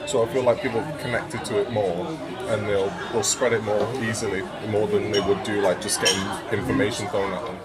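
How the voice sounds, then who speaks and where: A man answers interview questions earnestly, with some hesitation, in a lowish voice. A loud crowd fills the public space behind him. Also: flat delivery, brisk. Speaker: interviewee, performer.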